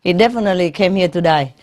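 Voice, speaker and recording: In a gathering hall, a woman spiritual teacher jokes with a live audience in English that isn't her first language, frequently laughing at her own punchlines and adding tags such as "no?" and "eh?". Her voice is medium-pitched, and the recording is very noisy.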